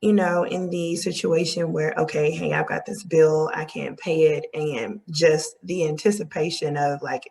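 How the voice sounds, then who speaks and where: A woman with a fairly low voice hosts a conversational interview. She speaks hesitantly and fills her sentences with many fillers. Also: steady tone, measured pace, gravelly, few pauses, a little mellow, low-quality recording.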